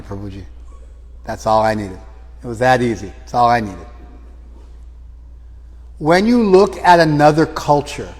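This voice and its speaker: Male teacher, mid pitch, probing and repetitive in his questions, long reverb. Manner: probing, repeats and rephrases questions. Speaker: teacher of a scripture class. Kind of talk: lecture with questions to the class. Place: class room, some students joining by phone.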